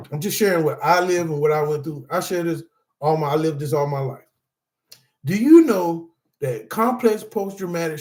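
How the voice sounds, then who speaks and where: Man, middle-aged, emphatic testimony-style teacher, higher voice, roomy echo. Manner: emphatic, repetitive, addresses audience as y'all. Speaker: anger management teacher. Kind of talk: personal testimony lesson.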